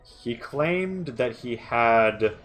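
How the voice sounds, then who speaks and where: A man narrating a tabletop game as game master, hesitant and full of fillers, slowly describing scenes. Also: mid-range voice, animated, soft background music. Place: home setup, streamed live.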